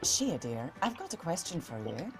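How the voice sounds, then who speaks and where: A woman's voice: sits low, very animated, normal speed, music in the background, pitched below the performer's own voice, poor audio. A woman voicing a composed character who asks careful, probing questions in a tabletop game.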